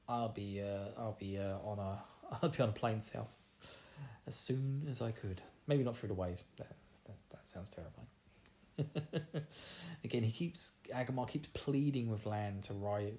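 A man's voice: mid-range voice, a little mellow. A man with an Essex accent recapping a fantasy novel in casual chat, joking, laughing and acting out characters' lines. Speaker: book recapper.

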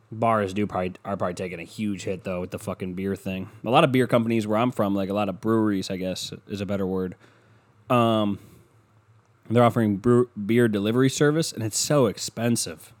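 A young man hosts a podcast by himself, speaking in a lowish, brisk voice into a podcast mic. He rants casually and rambles, full of swearing and sarcasm.

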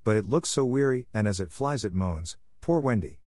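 A man voicing an excitable young boy in a storybook reading, speaking breathlessly and eagerly. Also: lowish voice, normal speed. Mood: awestruck. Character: excitable young boy lost in fear and wonder.

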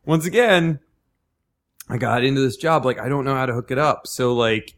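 A man's voice: mid-range voice, normal speed. A young man telling a long story in casual chat, rambling with lots of "like" and acting out what other people said. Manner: rambling, heavy on "like", acts out other people's lines. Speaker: podcast guest telling a story.

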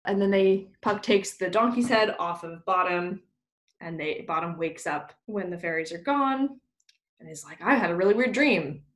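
A woman's voice: on the low side, unhurried, reverberant. A young woman co-hosting a podcast, recapping a play's plot in casual chat, laughing often and acting out the characters' lines with a bit of swearing. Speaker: podcast co-host.

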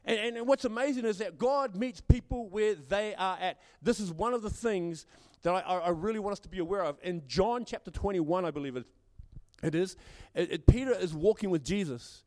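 A man's voice: high-pitched, brisk, darkish tone. Guy pastor giving a sermon, stumbles over repeated words, church hall echo ringing on and on. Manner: repeats words, acts out quoted voices. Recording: long hall reverb.

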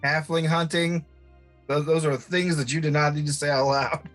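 A man's voice: on the high side, steady tone, fairly quick, fairly bright tone, soft background music. A man playing in a casual tabletop-game podcast, with a teasing manner.

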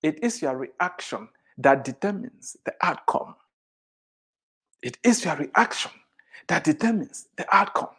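A motivational speaker giving an emphatic address, repeating phrases for effect and firing rhetorical questions, shifting between loud and soft delivery. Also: medium pitch, animated, a little slow, breathy edge.

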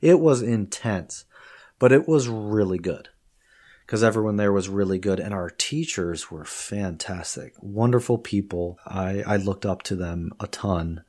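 A man with a fairly low voice talks as a podcast guest. He tells stories in a relaxed, conversational way, often breaking into laughter. The lively storytelling carries a teacher's easy confidence. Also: a little slow. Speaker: interview guest, Chinese professor. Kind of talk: casual interview chat.

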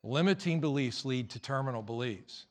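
A pastor preaching a sermon in a church, animated and teasing, acting out voices. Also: male voice, mid-range voice, moderate pace.

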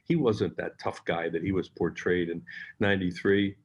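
A man's voice: low voice, steady tone, moderate pace, husky. An older man, a former team broadcaster, reminiscing in conversation and acting out quotes as he tells stories. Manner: storytelling, acts out quotes. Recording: dull lo-fi audio.

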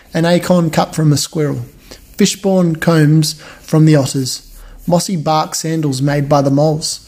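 A man reading a children's novel aloud in a steady, measured way, stumbling on a word now and then. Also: on the high side. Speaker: reader.

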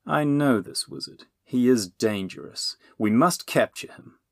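A man voicing a scheming male sorcerer who speaks in a slow, silky, greasy way. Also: mid-range voice, lively intonation, gravelly, dry recording, studio quality, pitched above the performer's own voice. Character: oily scheming male sorcerer, smooth and sinister.

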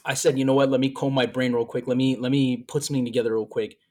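A man's voice: medium pitch, steady tone, quick pace, a little mellow. Emotional man telling a long story. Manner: rambling, repeats words while telling a story. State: emotional and a little out of breath. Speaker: podcast co-host. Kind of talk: casual chat.

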